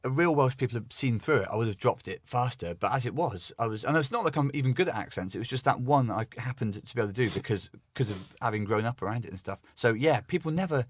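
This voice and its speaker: A man's voice: medium pitch, expressive, no echo, clean studio sound. A man, a comedian guest, telling a self-deprecating anecdote in casual chat. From England. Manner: rapid, self-deprecating storytelling.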